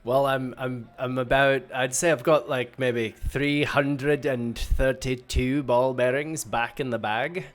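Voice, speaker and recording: A man's voice: mid-range voice, steady tone, slow pace, few pauses, soft background music. A man playing a tabletop game, chatty and joking as he describes his character's actions. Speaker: player. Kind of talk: casual tabletop role-play.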